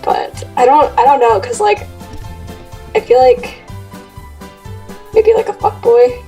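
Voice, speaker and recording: A woman's voice: sits high, expressive, slow pace, mellow, recorded from a distance, faint music behind. An American woman in her twenties, a podcast guest, chatting hesitantly and searching for her words. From United States. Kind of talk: casual chat.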